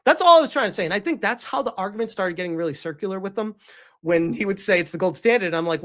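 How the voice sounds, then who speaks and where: A woman's voice: medium pitch, fast. A woman hosting a casual livestream. She reads viewer donations aloud and rants back at them, incredulous and often swearing. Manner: animated, incredulous ranting with frequent swearing. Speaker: streamer host reading viewer donations.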